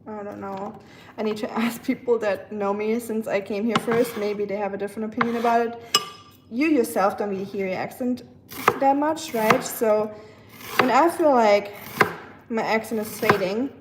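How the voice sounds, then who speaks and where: A woman's voice: fairly high pitch, noisy background. A young woman from Germany with a German accent, chatting casually and rambling a bit as she talks with viewers on her livestream. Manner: chatty, rambling, self-teasing. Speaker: livestream host. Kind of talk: casual chat with live viewers.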